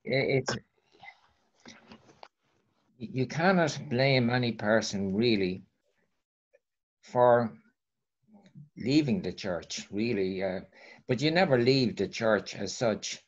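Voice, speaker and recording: A man speaking on a panel, halting with many restarts and repeated words. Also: mid-range voice, expressive. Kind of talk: discussion on an online call. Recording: muffled call audio.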